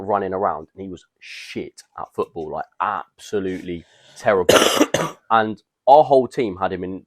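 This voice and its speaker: A young man tells a long, rambling story with plenty of slang. His voice sits low. The recording is dry and close, with no room sound. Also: no echo. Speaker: podcast co-host. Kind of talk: casual storytelling chat.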